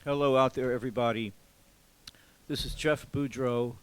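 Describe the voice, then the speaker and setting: A man from Louisiana, a drummer, giving an informal music lesson in a museum café, explaining calmly with pauses and counting beats aloud. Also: medium pitch, slight background noise, low-quality recording. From Louisiana, USA.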